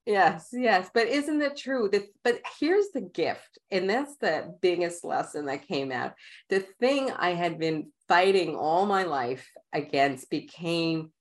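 Low-voiced Queens woman telling stories. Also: slow. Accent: Queens, New York. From New York, USA. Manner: animated storyteller, laughs often. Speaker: guest. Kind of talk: casual interview storytelling.

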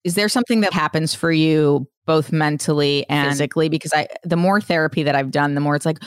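Candid, low-voiced woman podcast host. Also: fast talker, clean tone, no echo, clean studio sound. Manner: candid, laughs often, swears casually. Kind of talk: casual chat.

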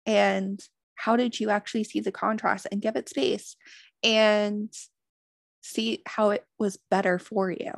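In a dry, clean studio recording, a woman with a medium-pitched, flat, unhurried, creaky voice gives a motivational self-help talk as a spiritual wellness host. She's earnest, swears freely, and repeats affirmations.

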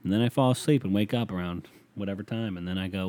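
A young man rambles through his solo podcast in a low voice, swearing freely and trailing off into mumbled asides. His delivery is loose and deadpan. The sound is dry and close, with no room around it. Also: fast, dry recording. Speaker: podcast host. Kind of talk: casual solo podcast rant.

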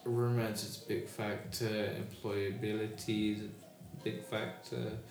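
A man's voice: lowish voice, slow. A British man hosting a casual chat, telling stories with energy and asking questions. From Britain. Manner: lively, storytelling, asks questions. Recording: echoey room with music behind.

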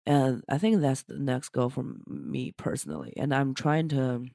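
A woman's voice: a bass voice, fairly even intonation, normal speed, creaky, warm tone, dry recording, studio quality. A woman comedian co-hosting a casual podcast chat, talking earnestly with frequent restarts. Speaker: stand-up comedian and co-host.

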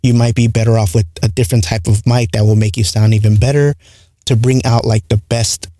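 A man with a light accent talks through a casual solo podcast, his voice mellow and dark. He rambles and leans on fillers, recorded close and dry in a small home room with no echo. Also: fairly low pitch, steady tone, a little fast. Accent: light non-native English accent. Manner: rambling, frequent "like" and "right?" fillers. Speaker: podcast host. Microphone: close studio mic with compressor.

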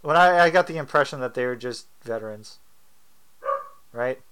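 A man's voice: medium pitch, animated, normal speed, fairly bright tone, a little hiss or hum. A man co-hosting a casual movie commentary, joking, laughing often and trading quips with friends. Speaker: podcast co-host.

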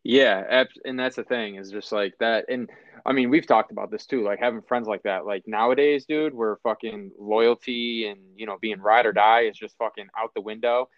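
A man's voice: fairly low pitch, fairly even intonation, moderate pace, dry recording. A young man hosting a podcast, chatting casually and profanely and laughing often. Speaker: podcast host. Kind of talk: casual chat. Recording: dry, slightly dull sound.

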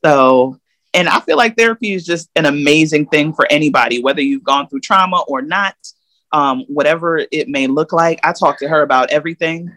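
A woman's voice: low voice, brisk, a bit bright, no echo. Woman podcast guest, candid and emphatic, talking casually on a dry, close mic. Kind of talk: casual interview.

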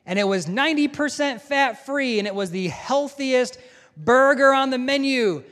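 A man's voice: very high voice, moderate pace, fairly bright tone. A man, head of a school, giving a conversational chapel talk to students, joking and asking them questions. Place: large chapel or auditorium with balcony. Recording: long hall reverb.

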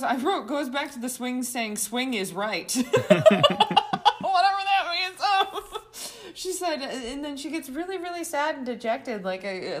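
Giggly woman recapping with animated asides. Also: fairly high pitch. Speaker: podcast co-host. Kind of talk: casual recap chat.

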